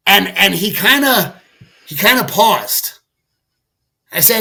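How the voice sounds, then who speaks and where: A middle-aged man with a high, gravelly voice, telling a story as a podcast guest. He sounds bright and keen, talks candidly and animatedly, and swears casually. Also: expressive, takes it slowly, pauses often. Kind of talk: conversational storytelling.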